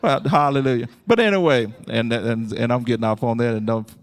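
A man preaching a sermon in a call-and-response style, laughing often and calling out hallelujahs as his voice climbs higher and louder. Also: a little fast.

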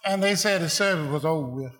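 A man's voice: on the high side, sharp tone. A man preaching a sermon to a congregation, emphatic and rhythmic, repeating phrases for effect.

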